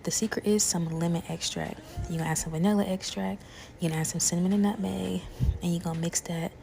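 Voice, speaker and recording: A woman's voice: lowish voice, fairly even intonation, quick pace, gravelly, mellow, faint music behind. A young woman, chatting casually to her viewers as she cooks, calling them y'all. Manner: chatty, talks straight to viewers, calls them y'all and besties. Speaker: cooking creator. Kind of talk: casual cooking vlog chat.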